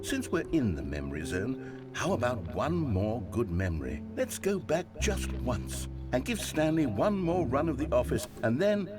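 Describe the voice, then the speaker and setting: An actor playing a wistful, theatrical game narrator, speaking in a lilting, dramatic way. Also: male voice, medium pitch, big pitch swings, moderate pace, over music, lightly acted. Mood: reflective. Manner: lilting, dramatic, swooping delivery. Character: wistful, theatrical male narrator, grandly nostalgic.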